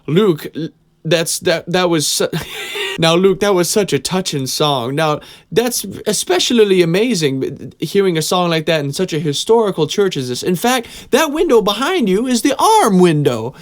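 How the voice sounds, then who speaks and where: A man putting on a Southern preacher with a thick Southern accent, effusive and halting, his voice pitched up. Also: big pitch swings. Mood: gushing. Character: gushing Southern male preacher, folksy.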